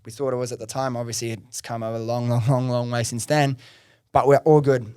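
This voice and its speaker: A man telling his business story on a podcast, at a middle pitch, in a loose, chatty way. He gets excitable, swears freely and peppers his talk with "like" and "bro". He is recorded close on a dry mic with no room sound. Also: a little fast, clear, resonant tone, dry recording. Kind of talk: casual storytelling interview.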